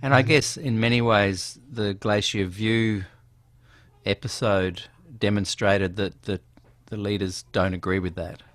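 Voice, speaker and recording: A man's voice: lowish voice, steady tone, a little slow, a bit bright. A man hosting an interview, asking questions and giving brief affirmations. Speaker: interviewer host. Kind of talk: casual interview.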